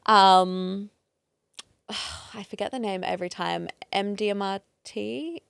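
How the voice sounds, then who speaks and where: Gravelly, smooth-voiced woman. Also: medium pitch, slow pace, no echo. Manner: open, emotional storytelling with many fillers. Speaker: podcast guest. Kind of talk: casual chat.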